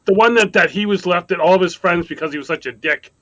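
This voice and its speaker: A man's voice: sits high, fast, fairly bright tone, no echo, dull audio. A man from Ontario, Canada chatting as a guest, rambling through a story with many restarts. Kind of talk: casual chat.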